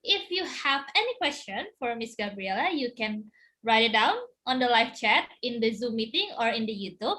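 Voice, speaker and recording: Bright woman moderating. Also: a little high, animated, normal speed. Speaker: webinar moderator. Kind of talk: hosting a Q&A session. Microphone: video call.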